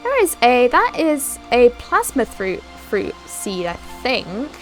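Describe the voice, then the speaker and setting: A woman's voice: fairly high pitch, wildly swooping pitch, takes it slowly, soft background music. A young woman giving casual let's-play commentary, chatting and giggling as she talks to her game characters. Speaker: gaming channel host.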